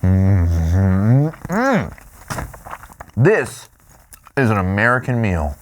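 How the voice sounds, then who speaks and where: A man hosting a food tasting show, playful and excitable, humming with delight between bites. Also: medium pitch, moderate pace, a little hiss or hum. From Louisiana, US.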